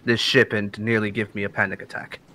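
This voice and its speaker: A man playing a wary, formal adventurer in a tabletop game, speaking slowly and measured. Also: fairly low pitch, flat delivery, sharp tone. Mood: irritated.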